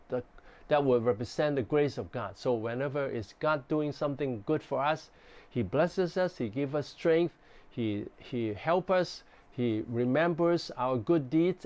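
A man who is a pastor, teaching a sermon in a gentle, explanatory way with frequent restarts. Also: mid-range voice.

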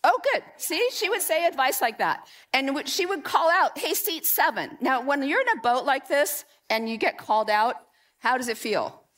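A woman's voice: sits high, normal speed. A woman pastor giving a conversational sermon in a church, telling personal stories and bringing people up to help. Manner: conversational, animated storytelling with audience participation. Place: church sanctuary.

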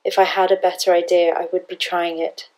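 A woman's voice: fairly low pitch, level tone, fairly quick, darkish tone, natural voice, poor audio. A woman reading an audiobook, voicing a desperate, cornered young woman healer who talks in a strained, defensive way.

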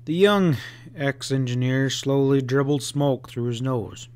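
A man narrating a Western novel as an audiobook in a measured, unhurried storytelling voice on a close mic. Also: mid-range voice, darkish tone, smooth, no room sound.

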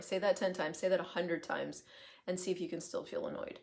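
A woman's voice: on the low side, brisk, gravelly. Chatty woman hosting a live stream. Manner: animated, swearing, trailing asides. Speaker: host, coaching facilitator. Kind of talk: casual live-stream monologue.

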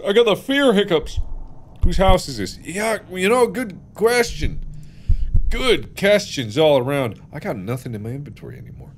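Theatrical man playing a game out loud. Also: big pitch swings, moderate pace, a little hiss or hum. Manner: theatrical, jumps between loud shouts and low muttering. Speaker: gaming video host. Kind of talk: let's play commentary.

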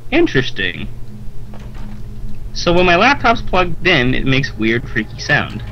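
A man's voice: mid-range voice, wildly swooping pitch, a little slow, bright, forceful tone, highs cut off. A young man hosting a let's play, rambling in casual gaming commentary and giggling often. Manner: rambling, giggly, lots of fillers.

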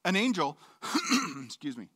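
A man's voice: high voice, wildly swooping pitch, unhurried, pushed and bright, slightly rough. A middle-aged male pastor preaching a sermon in a church, candid and joking, acting out voices in his quotes.

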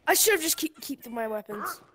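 Excitable young woman gamer, lively. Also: high-pitched, fairly quick, a little hiss or hum. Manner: excitable, yelps and pleads mid-fight. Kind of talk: casual gameplay commentary. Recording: loud game sounds behind voice.

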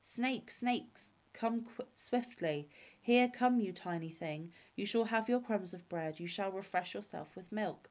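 A woman's voice: medium pitch, unhurried, darkish tone, close to an everyday voice. A woman voicing a sweet little girl coaxing her pet in a fairy-tale reading.

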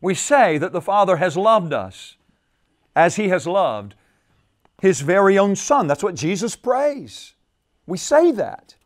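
A male pastor preaching a sermon at a men's retreat, repeating phrases and swinging between soft and loud for emphasis. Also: very animated, slow. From United States. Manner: repeats phrases, rises and falls in pitch and volume for emphasis.

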